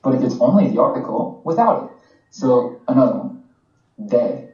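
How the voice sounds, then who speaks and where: A man from the United States co-hosting a podcast. He explains in a relaxed, chatty way with plenty of fillers, at a mid pitch. The recording is a little dull and roomy. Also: normal speed. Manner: relaxed, conversational teaching with fillers. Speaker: podcast co-host. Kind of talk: casual explanatory chat.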